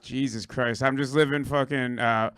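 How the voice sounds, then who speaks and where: Hoarse, profane stand-up comedian. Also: male voice, mid-range voice, steady tone, normal speed, a bit bright, no room sound. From Puerto Rico. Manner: profane, rambling, riffing with the crowd. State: hoarse, lost his voice. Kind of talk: stand-up set. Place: comedy club stage.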